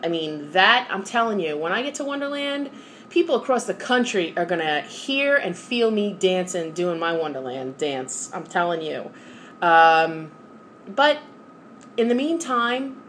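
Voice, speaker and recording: A woman's voice: lowish voice, a little hiss or hum. Earnest New York woman vlogging. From New York area. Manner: candid, earnest and motivational. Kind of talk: personal vlog monologue.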